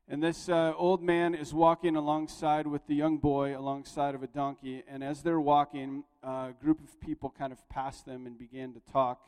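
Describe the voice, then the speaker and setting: A man's voice: medium pitch, darkish tone, clean tone. A man preaching a sermon as pastor, telling a story in a conversational way and building to emphatic points. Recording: long reverb of a large hall.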